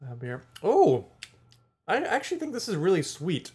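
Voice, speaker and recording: A man's voice: high voice, huge pitch swings, moderate pace, husky. A man in his twenties co-hosting a casual podcast chat, joking around and filling in background for his friend. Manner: jokey, chatty, gives background. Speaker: podcast co-host.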